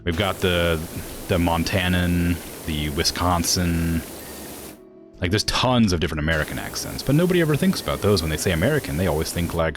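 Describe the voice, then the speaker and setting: A game streamer with a northwestern US accent, talking casually and rambling with plenty of fillers. His voice sits very low yet swings widely in pitch. Faint music plays behind him. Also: lively intonation, fairly quick. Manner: rambling, filler-heavy, laughing asides. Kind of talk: casual stream chat while gaming.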